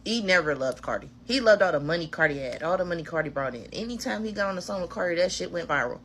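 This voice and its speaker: A woman's voice: fairly low pitch, lively intonation, fast talker, fairly bright tone, a little hiss or hum. A woman giving casual commentary, emphatic and repetitive.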